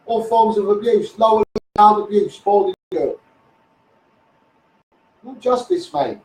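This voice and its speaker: Here a Liverpool-accented man from England livestreams a blunt, meandering rant, addressing listeners as "mate" and repeating "you know what I mean." He's high-pitched with a darkish tone and a measured pace, heard through a distant, roomy phone livestream carrying faint noise.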